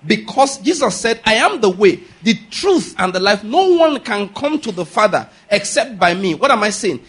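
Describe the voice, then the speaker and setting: High-voiced husky male preacher. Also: sing-song, normal speed, few pauses, fairly bright tone. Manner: emphatic, drills points with call-and-response questions. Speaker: pastor. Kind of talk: sermon.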